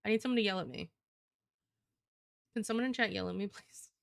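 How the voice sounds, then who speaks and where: A young woman streams live, talking off the cuff in a mid-range voice with a gravelly, creaky edge. She rambles and swears, filling her talk with "like", close on a desk mic in a dry, dead room. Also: medium pitch, a little fast, no room sound. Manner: rambling, profane, heavy use of "like". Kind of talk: casual live-stream chat.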